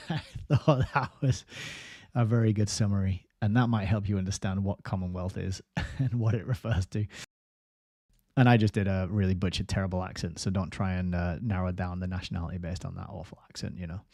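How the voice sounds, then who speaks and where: A man's voice: deep voice, steady tone, brisk, warm tone, no room sound, clean studio sound. A man hosting a book review livestream, rambling casually and reading viewer comments aloud. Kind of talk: casual live-stream chat.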